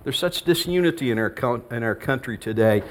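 A man's voice: mid-range voice, expressive, fairly quick. A middle-aged man preaching a conversational sermon as pastor, telling family stories with frequent restarts.

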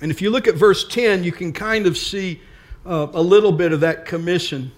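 A man's voice: high voice, normal speed. An older man preaching a sermon as pastor, earnest and emphatic, with repeated phrases.

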